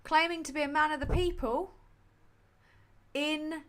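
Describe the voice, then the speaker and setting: A woman's voice: high voice, fairly even intonation, a little slow. A woman hosting a livestream, chatting casually about politics in a sweary, rambling, sardonic way full of fillers. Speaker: livestream host.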